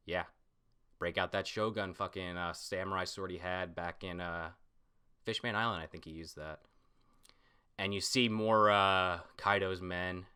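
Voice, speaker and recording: A man with a lowish voice recaps a comic chapter in casual reaction commentary. He talks excitedly and swears now and then. His tone is bright and forward. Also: measured pace, clear, resonant tone. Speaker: manga reaction host.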